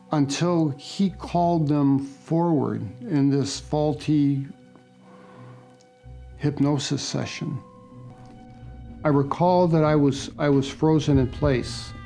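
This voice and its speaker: Older man, documentary testimony, slow and unhurried, mellow tone, soft music behind. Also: a little high. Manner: slow, reflective storytelling. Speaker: interviewee recounting experience.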